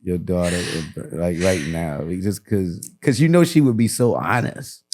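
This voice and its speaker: A man's voice: low voice, a little slow, a little mellow, a little hiss or hum. A man, a comedian and actor, talking as a podcast guest in a laid-back, slangy, rambling way. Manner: laid-back, slangy, rambling with lots of "you know what I'm saying". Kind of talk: casual sit-down chat.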